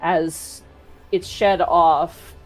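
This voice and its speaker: A woman player describing her monster character's actions in a tabletop game, in drawn-out phrases with fillers. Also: fairly low pitch, steady tone, faint music behind, poor audio.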